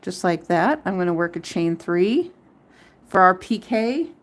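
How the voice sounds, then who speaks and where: Slow-talking woman hosting a crochet livestream. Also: lowish voice, animated. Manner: chatty, counts stitches aloud, breaks into song and jokes. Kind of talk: casual live crochet tutorial.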